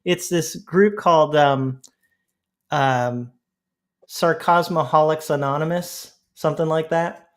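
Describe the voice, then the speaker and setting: A man's voice: fairly high pitch, takes it slowly. A man hosting a podcast, telling funny stories in casual chat with frequent laughter. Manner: laughing, storytelling, relaxed. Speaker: podcast host.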